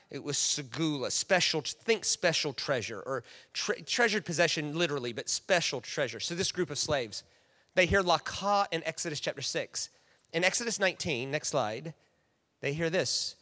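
A man preaching a sermon, animated and playful, acting out quoted voices and often restarting his sentences. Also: on the high side, normal speed. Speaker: pastor. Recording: reverberant hall.

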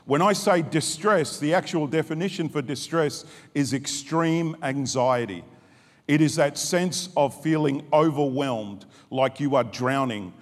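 A man preaching a sermon in an earnest, deliberate way, repeating key phrases and restarting his sentences. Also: medium pitch. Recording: long hall reverb.

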